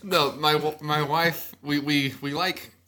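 Male co-host, bright voice, giggly, stammering and eager. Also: a little high, slow. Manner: excitable, laughs often, stammers and restarts. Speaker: podcast co-host. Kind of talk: casual sports podcast chat.

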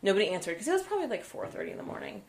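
A young woman co-hosting a podcast, telling an animated story in casual chat and swearing freely. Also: medium pitch, racing. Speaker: podcast co-host.

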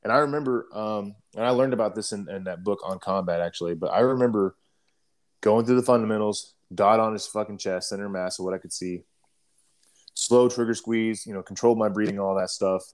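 A young adult man casually telling a war story, profane and rambling, often clearing his throat. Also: on the low side, a little fast.

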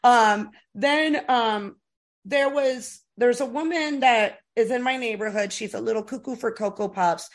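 A woman's voice: a little high, a little slow. A middle-aged woman from the United States chatting on a podcast, telling stories with lots of swearing and fillers. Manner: animated, profane storytelling with many fillers. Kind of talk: casual podcast chat.

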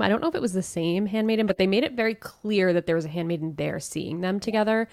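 A woman hosting a casual recap podcast, retelling scenes in an animated way and acting out the quotes. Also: on the low side, no echo. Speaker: podcast host.

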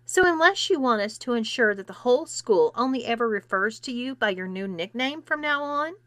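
A woman voicing a bold teenage cheerleader in a storybook reading, loud and blunt. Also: a little high, animated, a little fast, dry recording, pitched above the performer's own voice. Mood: threatening.

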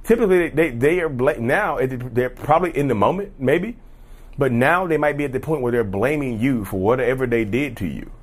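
A vlogger who talks about personality disorder speaks in a casual monologue with a mid-range voice at a fairly quick pace. He's blunt and emphatic, swears freely, calls his viewers "y'all," and grows loud and heated.

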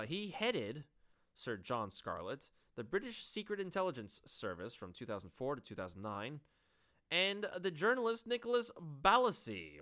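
A woman's voice: deep voice, a bit bright. A woman giving opinionated solo political commentary, sarcastic and exasperated, laughing at her own jokes.

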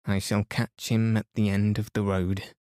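A grim, scornful boy turned giant speaks from a storybook in a slow, lowish voice, as a man reads him. The sound is close and dry. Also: flat delivery, darkish tone, clear, resonant tone, dry recording, close to an everyday voice.

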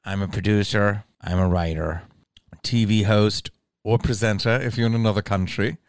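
A man's voice: on the low side, fairly even intonation, normal speed, no echo. Profane, ranting male comedian. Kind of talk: comedic monologue vlog.

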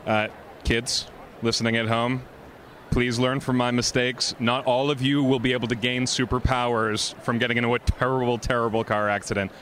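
A man's voice: mid-range voice, level tone, normal speed, a bit bright. A man at a convention answering in character with dry, cocky wit. Faint traffic murmurs around him on the street. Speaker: cosplayer interviewee.

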